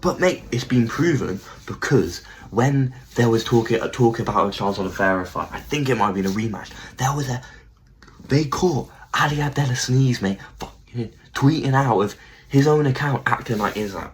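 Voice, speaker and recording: A man rants excitedly about fighters in a casual commentary. His voice sits at a mid pitch, and he swears often and keeps repeating his points. A faint hiss sits under the recording. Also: moderate pace, poor audio. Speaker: MMA commentary channel host.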